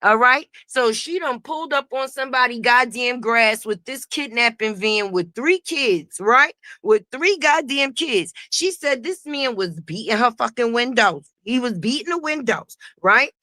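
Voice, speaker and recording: A woman hosting a casual gossip commentary stream, profane and animated, talking straight to her viewers. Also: fairly high pitch, unhurried, hardly any pauses, dry recording, studio quality. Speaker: host.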